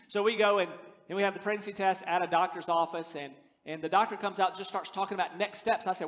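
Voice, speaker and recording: A man in his fifties preaches with a high voice that rings out through a large hall. He talks earnestly and conversationally, then builds to emphatic declarations. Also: lively intonation, quick pace. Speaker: pastor. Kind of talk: sermon. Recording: long reverb of a large hall.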